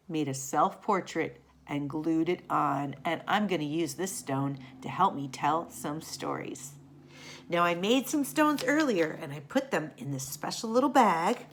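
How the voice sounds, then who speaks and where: Slow, lively woman teacher for kids. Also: on the low side. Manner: warm, animated, drawn-out delivery for kids. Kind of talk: storytelling and craft lesson for children.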